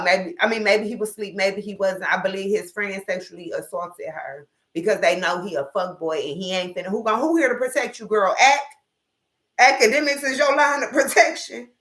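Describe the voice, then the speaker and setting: Woman commentator, bright tone, roomy sound; blunt, opinionated, profane. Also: medium pitch. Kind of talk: casual reaction commentary.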